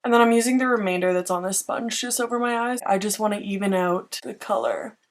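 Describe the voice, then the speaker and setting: A woman's voice: mid-range voice, animated, brisk. A young woman with a mid-range voice chats through a makeup tutorial. She walks through each step and pokes fun at herself in little asides. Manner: chatty, self-mocking asides. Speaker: beauty vlogger.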